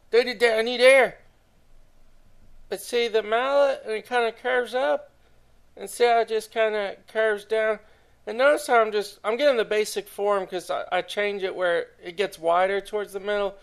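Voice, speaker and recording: A man's voice: high voice, creaky, clear, resonant tone. A young man casually narrating a drawing tutorial, chatty and enthusiastic, talking straight to his viewers.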